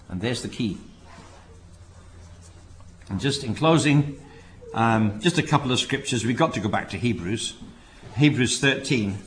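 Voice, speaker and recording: A man's voice: mid-range voice, lively intonation, measured pace, pauses often, a bit bright, a little hiss or hum. Earnest male preacher giving a sermon. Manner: earnest, repeats phrases, rises to emphatic exhortation.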